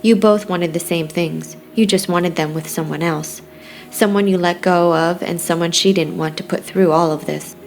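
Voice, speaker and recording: A woman reading the lines of a middle-aged mother who scolds her grown son gently but firmly, in an audiobook. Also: fairly low pitch, fairly even intonation, normal speed, creaky, soft background music. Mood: chiding. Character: loving, chiding Southern-town mother, middle-aged woman.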